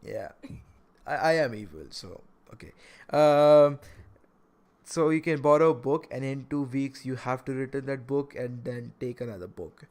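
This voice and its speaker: A young man hosting a casual podcast, talking in an animated way with many stammered restarts. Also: mid-range voice, normal speed. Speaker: podcast host.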